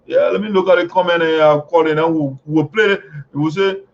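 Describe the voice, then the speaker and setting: A man's voice: on the high side, fairly quick, creaky. A man hosting an online show, delivering heated political commentary full of mocking, chanting jeers. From Liberia. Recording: dull lo-fi audio.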